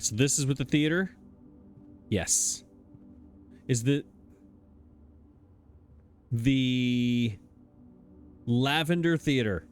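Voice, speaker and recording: A man with a medium-pitched voice offers casual commentary on his let's play, thinking aloud into a desk microphone. He hesitates now and then and chuckles at himself.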